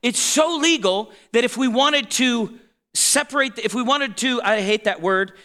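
A man's voice: very high voice, a little slow, bright, forceful tone. A man in his forties preaching a conversational sermon to a congregation, often checking in with his listeners and laughing. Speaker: pastor.

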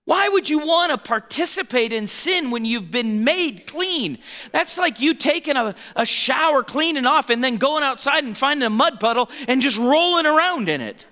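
A man's voice: very high voice, lively intonation, normal speed, pushed and bright. A man in his forties preaching a conversational sermon to a congregation, often checking in with his listeners and laughing. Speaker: pastor.

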